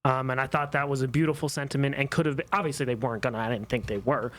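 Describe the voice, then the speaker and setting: A man's voice: medium pitch, fairly even intonation, very fast, a bit bright. A man co-hosting a casual podcast, talking with passion and pushing back on opposing views. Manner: passionate, argumentative. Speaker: podcast co-host. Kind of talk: casual chat.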